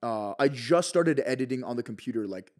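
A man from North Carolina talks in loose, profane podcast chat. His pitch sits in the middle of the male range, and he gets animated as he acts out his own reactions. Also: brisk. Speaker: podcast guest and video creator.

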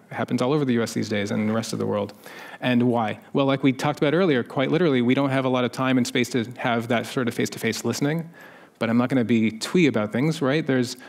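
A man speaking on a conference panel in a conversational way, with wry asides, lifting his voice when he quotes other people. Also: mid-range voice. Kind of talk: conference talk. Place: conference stage.

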